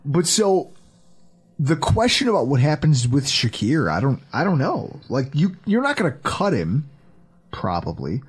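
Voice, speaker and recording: Host pria, suara agak tinggi dan serak, obrolan olahraga yang hidup dan kasar. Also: male voice, on the high side, measured pace, breathy edge. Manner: animated, profane, acts out quotes. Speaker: podcast host. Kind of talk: casual sports podcast chat.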